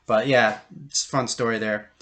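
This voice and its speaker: A man's voice: mid-range voice, fairly even intonation, normal speed, sharp tone, slight background noise. A middle-aged man hosting his own vlog, telling a story in a casual, conversational way with lots of fillers and a few chuckles. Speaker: YouTube host.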